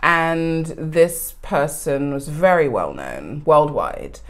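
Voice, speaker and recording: A woman's voice: low voice, lively intonation, slow pace. A woman, a podcast guest telling candid, self-mocking stories in a casual chat. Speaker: podcast guest, coffee educator. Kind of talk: casual conversational storytelling.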